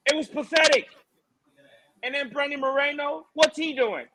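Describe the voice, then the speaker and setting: A man's voice: very high voice, animated, moderate pace, pushed and bright, rough recording. A man co-hosting a casual podcast, ranting animatedly and mocking with laughs. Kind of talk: casual fight-talk podcast chat.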